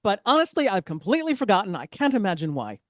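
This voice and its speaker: Woman comic, mid-pitched, chatty, self-mocking stand-up, dry close sound. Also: sing-song, quick pace, no room sound. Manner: chatty, self-deprecating, asides to the audience. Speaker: stand-up comedian. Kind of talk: stand-up comedy set.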